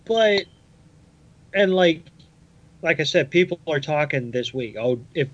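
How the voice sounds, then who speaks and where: A man with a fairly bright, slightly high voice and lively intonation speaks a little slowly while co-hosting a casual podcast chat. He rambles through loose recollections full of fillers. The audio is dull and lo-fi.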